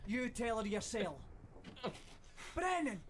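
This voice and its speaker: A man's voice: sits high, sing-song, slow pace, a little hiss or hum, full character voice. A man with a Scottish accent voicing a sailor in a game, urgently comforting a wounded young shipmate and calling for help.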